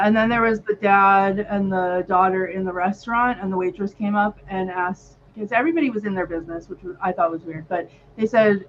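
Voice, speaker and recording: A woman co-hosting a casual chat, gushing and rambling with many "um"s. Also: mid-range voice. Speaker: podcast co-host. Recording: slightly muffled with faint noise.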